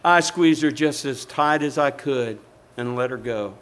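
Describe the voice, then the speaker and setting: A man's voice: mid-range voice, a little slow, fairly bright tone, slight background noise, rough recording. A man preaching a sermon as a pastor, emphatic and storytelling, calling out to the congregation.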